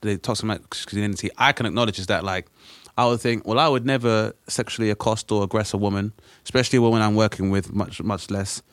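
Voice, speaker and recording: A man's voice: on the low side, fairly even intonation, quick pace, few pauses, dry recording. A man in casual podcast chat, talking in a hesitant, reflective way with many restarts.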